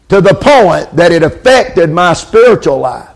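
A man's voice: sits high, big pitch swings, a little slow, gravelly, few pauses. A man preaching a sermon, calling for amens and repeating lines for emphasis.

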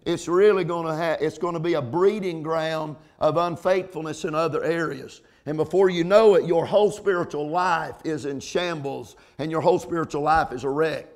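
A middle-aged pastor whose voice is a little high preaches, frequently saying "amen" and repeating words. He slows down on important points before his voice rises to loud peaks.

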